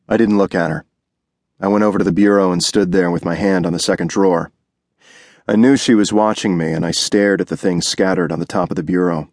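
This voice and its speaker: A man reads a first-person hardboiled crime story, his voice low and his phrasing clipped and world-weary. The recording is dry and close, with no room sound. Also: fairly even intonation, fairly quick, a little mellow, dry recording. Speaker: audiobook narrator. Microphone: close studio mic.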